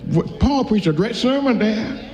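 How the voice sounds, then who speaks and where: Man, preacher, folksy sermon, slow scripture reading, quick asides, mellow voice, echoey church hall. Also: high-pitched, lively intonation. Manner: folksy, quotes scripture slowly and then speeds up with asides. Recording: echoey hall, dull lo-fi sound.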